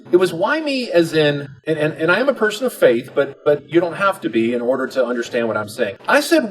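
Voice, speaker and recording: A man's voice: on the high side, normal speed, hardly any pauses, low-quality recording. A middle-aged man giving a motivational convention speech, telling stories with humor and acting out the dialogue. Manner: animated storytelling, acts out dialogue with humor. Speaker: convention speaker. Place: convention hall.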